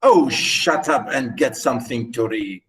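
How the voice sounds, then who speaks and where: A man reading aloud the lines of a dismissive husband who brushes off his wife, in a curt, lowered voice. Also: animated, takes it slowly, a little mellow, roomy sound. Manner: curt and low.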